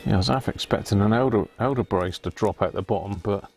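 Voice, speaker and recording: A man's voice: lowish voice, quick pace. A British man hosting a casual live stream, chatty and jokey, often reading labels aloud as he goes. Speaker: radio repair live-stream host.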